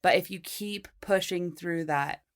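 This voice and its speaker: A woman hosting a podcast, chatting casually and warmly affirming her guest. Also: fairly low pitch, a little slow. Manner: encouraging, affirming. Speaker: podcast host. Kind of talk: casual interview chat.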